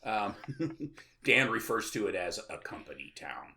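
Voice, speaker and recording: A man's voice: on the low side, very animated, a little slow, bright, forceful tone, slight background noise. A man hosting a podcast, recapping a film plot in casual, sarcastic chat full of filler sounds. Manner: rambling, with many filler sounds and sarcastic asides. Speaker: podcast host.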